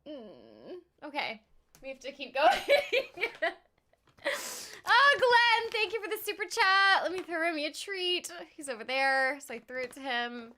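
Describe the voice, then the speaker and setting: A woman's voice: high voice, expressive, normal speed, sharp tone, a little hiss or hum. A young woman live-streaming a game in casual chat, teary and near crying, laughing and sighing between her words. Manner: emotional, tearful, laughing between sentences.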